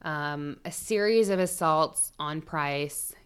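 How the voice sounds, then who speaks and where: A woman's voice: low voice, slow, smooth. A woman co-hosting a podcast, recounting a true-crime case in casual chat, swearing freely and adding jokey asides. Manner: chatty, swearing, storytelling with asides. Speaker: podcast co-host.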